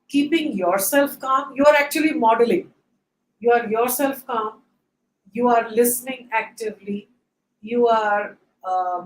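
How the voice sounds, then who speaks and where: A woman giving calm, patient parenting advice as the expert on a webinar panel, pausing often with fillers. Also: a little high, reverberant, poor audio. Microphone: video call.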